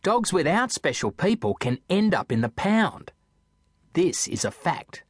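A man narrating a children's audiobook in a playful, expressive storytelling manner. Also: high-pitched, unhurried, husky, no echo, studio quality.

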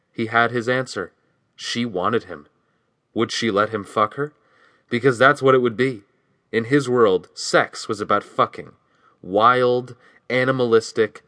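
Man, audiobook narrator, scripted narration, low-pitched, dry close recording. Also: sharp tone, no echo.

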